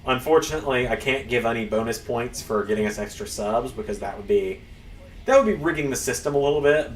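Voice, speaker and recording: A man's voice: fairly low pitch, distant mic. A man hosting a stream, chatting in a rambling, casual way while he plays. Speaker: streamer and channel host. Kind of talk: casual gameplay commentary. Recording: roomy, off-mic, faint background hum.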